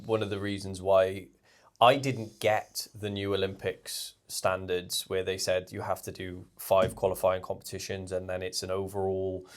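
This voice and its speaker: Guy hosting a gym podcast, lowish voice, swears a lot, laid back. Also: moderate pace. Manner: casual, sweary, animated. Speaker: podcast host, strength coach. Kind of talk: casual podcast chat.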